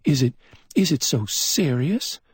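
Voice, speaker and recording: A man's voice: mid-range voice, expressive, a little slow, husky, dry recording, studio quality, pitched above the performer's own voice. A man voicing a worried young woman who asks anxious, rising questions in a crime audiobook.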